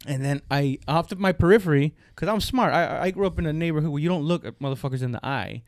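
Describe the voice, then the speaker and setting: A man co-hosting a comedy podcast, telling a long street story in casual chat and acting out the shouted lines of the people in it. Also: a little high, fast, dry recording, clean studio sound. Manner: animated storyteller, acts out shouted quotes, profane. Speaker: podcast co-host.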